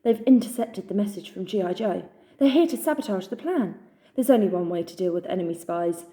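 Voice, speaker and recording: A woman voicing a fierce, suspicious male eagle soldier who warns gruffly in a storybook reading. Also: medium pitch, expressive, a little fast, lightly acted. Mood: furious. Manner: gruff, hushed, warning.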